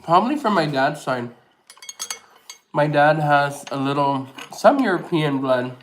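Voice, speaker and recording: A man's voice: fairly high pitch, expressive, unhurried, slight background noise. A man hosting a mukbang, chatting casually while he eats, answering viewer comments and laughing easily. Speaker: mukbang host. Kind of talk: casual live chat while eating.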